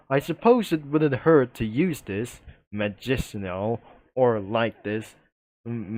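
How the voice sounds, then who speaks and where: A man casually narrating a comic, rambling and stumbling over his words. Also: medium pitch.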